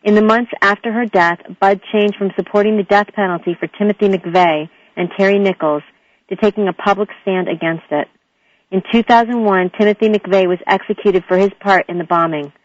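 A woman with a New York accent, mid-pitched, reads a measured guest introduction on a radio show. The sound is dry and a touch muffled. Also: no room sound. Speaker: co-host.

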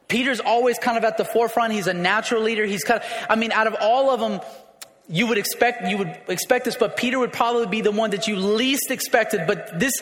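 High-voiced man preaching in a reverberant hall. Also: fairly bright tone. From raised in a city. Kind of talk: sermon.

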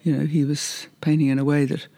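Older guy with a creaky voice rambling thru old memories, lots of ums and laughs. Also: a little high, little pitch movement, brisk, dark tone. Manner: rambling, hesitant, often laughing. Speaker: interviewee. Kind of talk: reminiscing conversation.

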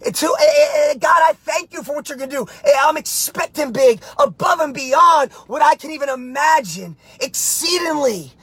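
A man giving a fervent motivational pep talk as a coach, hoarse and raspy from yelling, often shouting his encouragement. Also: very high-pitched, dry recording. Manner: fervent, shouting exhortations, calls people "baby".

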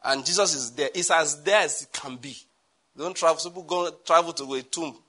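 A man's voice: a little high, a little fast, sharp tone. A male pastor with a Nigerian accent, preaching a sermon with joking asides and his own laughter.

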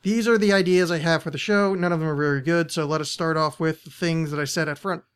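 A man's voice: on the high side, steady tone, fast, clear, resonant tone. A man hosting a podcast in a studio, with a strained, blown-out voice, chatting in a rambling, self-deprecating way. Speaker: podcast host. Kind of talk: casual studio chat.

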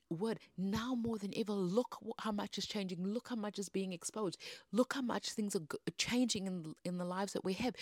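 A woman's voice: medium pitch, darkish tone, no echo, clean studio sound. A woman hosting a devotional podcast, teaching in a feisty, emphatic preaching manner with rising bursts. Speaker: podcast host.

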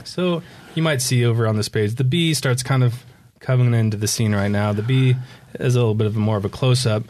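Man walking a listener through a storybook; relaxed, easy laughs, slow guided breathing cues. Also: mid-range voice. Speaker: children's book presenter. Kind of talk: reading a picture book aloud in a conversation.

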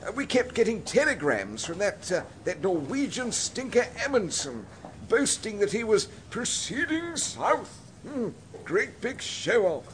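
A man's voice: high voice, sing-song, measured pace, a bit bright, a little hiss or hum, exaggerated voice. A man playing a pompous, easily offended polar expedition captain in a comic history sketch. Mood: boastful. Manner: indignant, stiff-upper-lip bluster.

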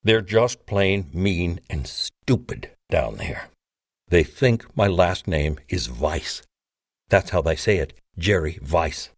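A man's voice: low-pitched, animated, slow, dry recording, studio quality, exaggerated voice. A man voicing a resentful teenage boy who answers back sulkily and defiantly in a storybook reading. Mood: sulky. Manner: sulky, defiant.

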